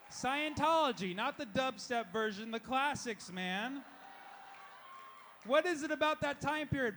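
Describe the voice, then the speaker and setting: On stage at a live comedy show, a young man fires off rapid punchlines and acts out the voices of people in his jokes. His pitch is extremely high and somewhat bright, and there's a faint hiss or hum.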